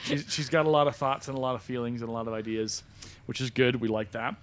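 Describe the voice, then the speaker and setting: A man hosting a podcast, recapping films in a chatty, animated way with frequent ums in a studio. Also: mid-range voice, quick pace, slight background noise. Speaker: podcast host. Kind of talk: casual chat about movies.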